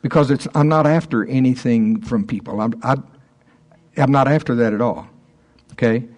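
A man's voice: medium pitch, darkish tone. A man in his sixties, a minister teaching a small group in an informal talk, often stopping and restarting his sentences. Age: 60s. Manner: halting, stops and restarts often, chuckles between thoughts.

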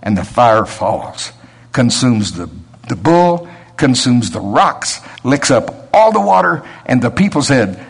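A man preaching a sermon in a relaxed, conversational way, with a voice of ordinary middle pitch. He climbs to emphatic, higher peaks when he drives a point home, and he chuckles between points. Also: measured pace, vocal fry, breathy edge.

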